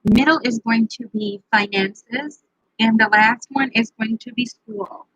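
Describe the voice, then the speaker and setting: A woman's voice: on the high side, fairly even intonation, a little slow, fairly bright tone, husky, no room sound, dull audio. A woman giving a live tarot reading, chatting playfully and addressing viewers by name. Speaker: tarot reader.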